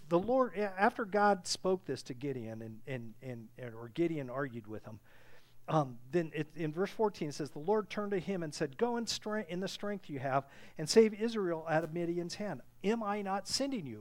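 Middle-aged male pastor, high-pitched, earnest sermon delivery that rises to fervent. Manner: earnest, building to fervent preaching with many restarts.

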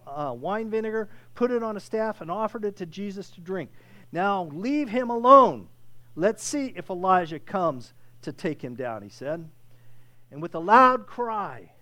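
A male pastor preaching conversationally, restarting phrases often and swelling loud to stress a point. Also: high-pitched. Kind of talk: sermon.

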